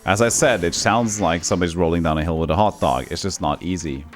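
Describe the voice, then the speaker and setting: A man's voice: low voice, fast talker, faint music behind. A man with a Norwegian accent chatting casually and joking while he streams a game live and reads chat aloud. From Norway.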